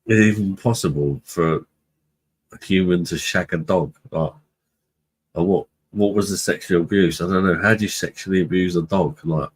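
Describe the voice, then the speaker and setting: A man hosts a beer review live stream, reading out viewer comments in loose, casual chat. His voice sits very low and sounds rough and husky. He talks bluntly, swears freely and laughs often. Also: moderate pace.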